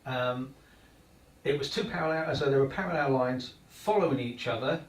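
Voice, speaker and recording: A man co-hosting a live studio show, explaining things in a rambling, halting way with many fillers. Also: medium pitch. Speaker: studio co-host. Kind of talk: live paranormal show talk. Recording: roomy studio, mic at a distance.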